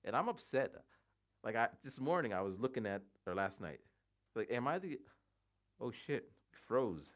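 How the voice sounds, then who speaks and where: A man in his forties chatting casually on a livestream, rambling and halting, thinking aloud with many restarts. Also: mid-range voice, sing-song. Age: 40s.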